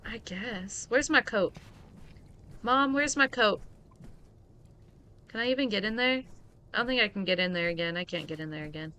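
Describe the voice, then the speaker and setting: A woman streamer giving playful, chatty let's-play commentary and reacting to the game out loud. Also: medium pitch, lively intonation, moderate pace, pauses often, clean tone.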